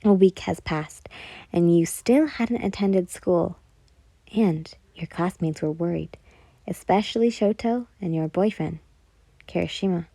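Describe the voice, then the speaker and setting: A woman narrating a second-person fan story in a soft, partly whispered manner. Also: lowish voice, measured pace, creaky, no room sound.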